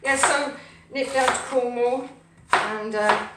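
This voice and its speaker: A woman takes her time, speaking slowly in a steady, somewhat high voice as she runs a live cooking stream indoors at home. She rambles along cheerfully, addressing both her pets and her audience. The mic sits at a distance, picking up room echo and a low hum.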